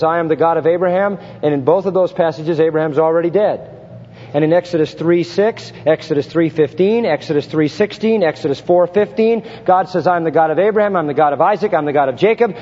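A man preaching in a big church hall, his fairly high voice carrying a long reverb. He builds to forceful, emphatic peaks and asks pointed rhetorical questions. The recording sounds a little dull and lo-fi. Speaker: pastor. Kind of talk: expository sermon.

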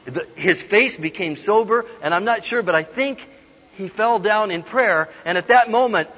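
A man giving a humorous storytelling sermon, animated and laughing often as he acts out the voices in his stories. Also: high voice, moderate pace. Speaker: guest preacher. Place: large hall with an audience. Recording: dull lo-fi sound with long hall reverb.

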